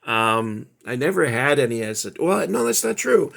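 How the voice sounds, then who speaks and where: A middle-aged man chatting casually about his toy collection, rambling and halting with many fillers. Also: medium pitch, big pitch swings, gravelly, a bit bright. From Southern California. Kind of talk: casual show-and-tell chat.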